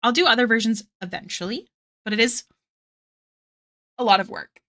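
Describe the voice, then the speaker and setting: A slightly high woman with a sharp tone speaks at a moderate pace. She's streaming her art and chatting casually as she draws, drifting between tangents and her live viewers, giggling a little and using many fillers.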